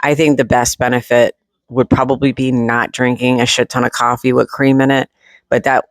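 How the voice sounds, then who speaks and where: A man's voice: mid-range voice, level tone, moderate pace, no room sound. A man talking at home in a rambling, casual video diary, full of fillers and restarts, with the odd swear word. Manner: candid, with occasional swearing. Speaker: vlogger.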